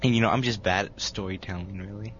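Stuffy-nosed and laughing often, this young adult podcast co-host jokes at his own expense in a relaxed group chat over mics. His voice sits low and slightly bright, moving fast with fairly even intonation. A dull lo-fi mic adds a faint hum.

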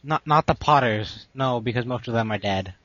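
A man's voice: mid-range voice, moderate pace, a bit bright, muffled recording. A young man co-hosting a casual podcast, rambling and poking fun at himself. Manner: rambling, self-mocking. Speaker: podcast co-host. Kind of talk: casual chat.

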